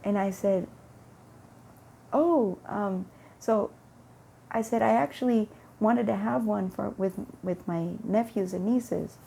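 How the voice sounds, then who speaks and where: A woman with a gravelly, dark voice tells a long everyday story in a casual vlog, acting out what each person said. She rambles and repeats herself as she goes, and there is a faint hiss of background noise. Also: mid-range voice, slow, long pauses. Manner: rambling, repeats words, acts out dialogue. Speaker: vlogger. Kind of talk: casual storytelling about faith.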